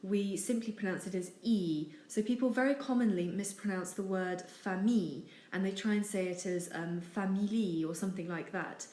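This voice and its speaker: Female teacher, mid pitch, steady and patient with ums; roomy echo. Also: fairly quick, hardly any pauses. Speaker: French teacher. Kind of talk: explaining over slides. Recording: echoey room with faint noise.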